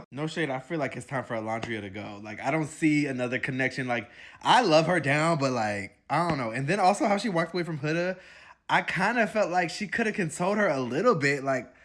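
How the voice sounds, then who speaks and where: A man recapping a reality show in casual chat, mocking and animated. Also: fairly high pitch, a little fast. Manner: animated, mocking, acts out voices of cast members.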